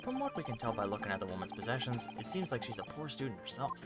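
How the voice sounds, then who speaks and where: A man's voice: medium pitch, big pitch swings, fast, natural voice. Brief: man voicing an Irish-accented police inspector, plain report, game music behind. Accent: put-on Irish.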